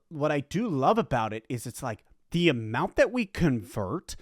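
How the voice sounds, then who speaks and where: A man's voice: mid-range voice, sing-song, moderate pace, no echo, studio quality. A man co-hosting a casual sports podcast, telling stories with enthusiasm and acting out quotes. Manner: enthusiastic storyteller, quotes people in voices, laughs often. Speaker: podcast co-host.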